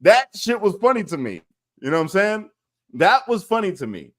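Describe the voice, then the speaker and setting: Animated, profane male podcast co-host. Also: high voice, moderate pace. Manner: animated, profane, laughs while retelling clips. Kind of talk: casual chat, storytelling.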